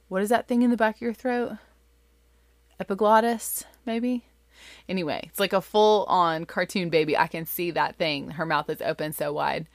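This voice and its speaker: A woman in her thirties, a mother, telling a family story in an animated, chatty way with lots of fillers. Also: mid-range voice, no room sound, studio quality. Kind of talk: casual storytelling.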